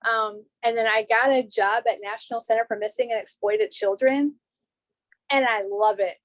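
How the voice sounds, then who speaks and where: A woman's voice: fairly high pitch, steady tone, moderate pace, no echo, rough recording. A young woman student speaking on a video call, eager and chatty with frequent ums. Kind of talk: casual chat on a video call.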